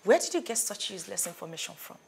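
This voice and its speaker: A defiant lively young schemer. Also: female voice, mid-range voice, quick pace, gravelly. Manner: sharp, defiant. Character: scheming obsessed young woman.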